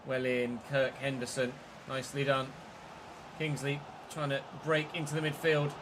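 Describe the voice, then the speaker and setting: A man's voice: medium pitch, little pitch movement, normal speed, background noise. A man giving live, mock match commentary while playing a football game, swearing when frustrated.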